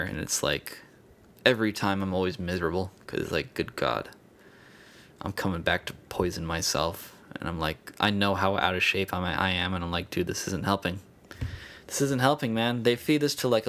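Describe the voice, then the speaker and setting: A man's voice: low-pitched, a bit bright. A young man hosting his own podcast, rambling in a casual, profane and self-mocking way. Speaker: podcast host.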